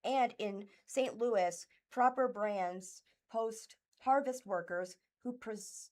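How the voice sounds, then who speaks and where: Halting woman reading local news. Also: fairly high pitch, darkish tone. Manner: halting, stumbles over names and words. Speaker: volunteer news reader. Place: thrift store.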